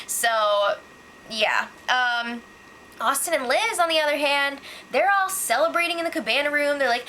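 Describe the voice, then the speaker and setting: A woman's voice: high-pitched, a little slow, pushed and bright, poor audio. Young woman, casual gossip recap, sarcastic, filler-heavy, faint background noise. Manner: chatty, sarcastic, lots of "like" and "um". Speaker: reality show recap host.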